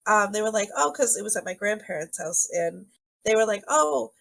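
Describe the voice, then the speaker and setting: Gravelly-voiced chatty woman. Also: medium pitch, expressive, normal speed, a bit bright, low-quality recording. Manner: chatty, meandering storyteller. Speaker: podcast co-host. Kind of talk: casual podcast storytelling.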